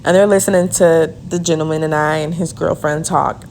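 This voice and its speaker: A woman telling a personal story in an earnest way, with quick repeated phrases. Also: low-pitched, steady tone, vocal fry, darkish tone, slight background noise. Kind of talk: emotional first-person storytelling.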